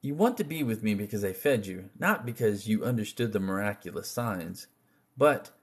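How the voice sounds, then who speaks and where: A man reading scripture aloud in an unhurried, measured way, with occasional slips and restarts. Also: medium pitch, lively intonation, husky. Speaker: scripture reader.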